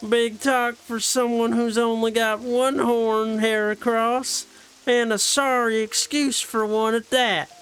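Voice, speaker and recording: A proud, stubborn horned creature from a game brags in a folksy put-on Southern drawl, as a man plays him. The voice rides fairly high and slow. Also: little pitch movement, fairly bright tone, soft background music, full character voice. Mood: boastful. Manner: folksy boasting.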